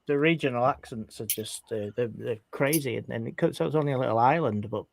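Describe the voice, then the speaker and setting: A northern English man talking casually as a podcast guest over a call, often restarting his sentences. His voice sits at a middling pitch and sounds dry and close. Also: fast, vocal fry, dry recording. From England. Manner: chatty, trailing restarts. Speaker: guest cryptid investigator.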